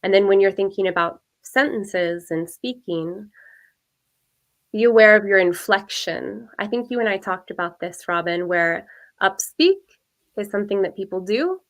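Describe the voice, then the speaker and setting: A woman speaking as a guest coach, giving clear, practical advice in a measured way. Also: medium pitch, expressive. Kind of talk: advice in an interview.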